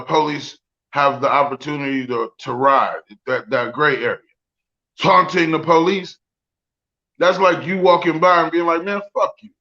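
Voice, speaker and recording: A man's voice: on the high side, pushed and bright, muffled recording. A man co-hosting a podcast in casual, profane chat, often asking "you know what I'm saying.". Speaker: podcast co-host.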